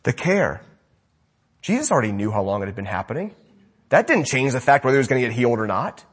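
A man preaching a sermon with passion, his voice rising loud and dropping to a hush. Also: mid-range voice, expressive, rapid-fire, slightly rough. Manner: impassioned preaching, swinging between loud and hushed. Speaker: pastor.

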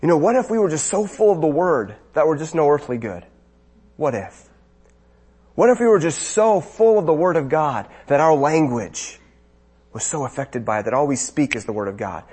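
A man delivers a sermon with a somewhat husky, slightly high voice. He preaches through strings of rhetorical questions and rises to emphatic declarations. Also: expressive, moderate pace, a little mellow.

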